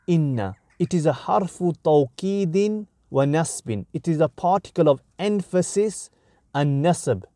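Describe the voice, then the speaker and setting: A man teaching Arabic grammar in a slow, deliberate way, breaking each sentence into short phrases. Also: a little high, expressive, dark tone, no room sound, clean studio sound. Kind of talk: explanatory grammar lesson.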